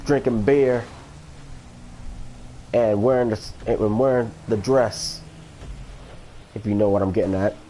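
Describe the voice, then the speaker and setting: A man's voice: mid-range voice, a little mellow, slight background noise. A man from Florida chatting casually on a livestream, rambling and hesitant, with many fillers and restarts. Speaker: streamer.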